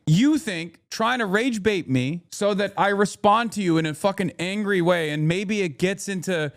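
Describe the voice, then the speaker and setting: A man ranting on his live stream, heated and profane, swinging between loud outbursts and low mutters. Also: moderate pace, few pauses.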